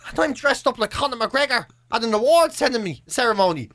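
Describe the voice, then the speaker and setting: Bright-voiced Irish man telling rambling stories. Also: very high voice, animated, fast talker. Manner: rambling, self-deprecating storytelling with heavy swearing. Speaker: guest. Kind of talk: casual chat.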